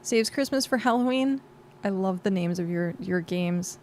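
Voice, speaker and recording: A woman's voice: medium pitch, normal speed, darkish tone, a little hiss or hum. A woman game streamer in casual, rambling livestream chat, thanking viewers and talking while she plays. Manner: chatty and rambling, with frequent fillers.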